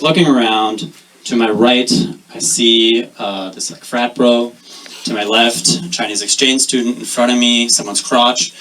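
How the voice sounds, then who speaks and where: A young man doing a deadpan stand-up set, pausing often with ums. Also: mid-range voice, far from the mic. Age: young adult. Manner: deadpan, halting with many ums. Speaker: stand-up comedian. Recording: noisy live recording.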